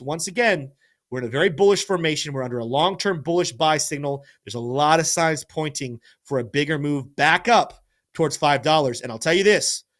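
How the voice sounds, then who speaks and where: A man with a bright voice on the high side hosts a live-stream crypto show, energetically talking through charts as market commentary. He addresses his chat and sometimes stumbles over names.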